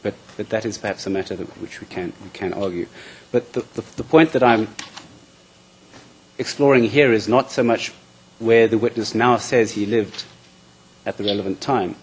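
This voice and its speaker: Male prosecutor, lowish voice, formal courtroom questioning, faint background noise. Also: normal speed. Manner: formal, repeats words as he starts. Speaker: prosecution counsel.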